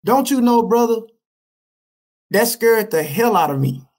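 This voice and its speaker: A man's voice: high-pitched, expressive, unhurried, darkish tone. Middle-aged man from Dallas telling his story. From Dallas, Texas. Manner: slangy, repetitive street storytelling with many restarts. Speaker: podcast guest. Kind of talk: telling his life story in a casual interview.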